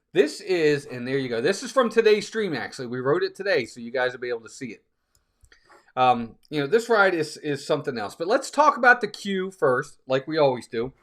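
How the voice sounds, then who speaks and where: A man's voice: mid-range voice, fairly bright tone. A man hosting a casual live stream, chatting with viewers and reading out their comments. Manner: chatty, reads out viewer comments, sneezing fits.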